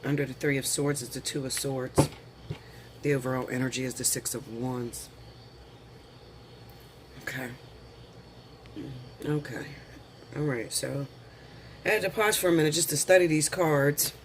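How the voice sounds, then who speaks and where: A man's voice: medium pitch, background noise. A man doing a casual tarot reading, chatty and slangy, calling viewers honey and girl. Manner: lists the cards slowly, then talks them through. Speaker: tarot reader.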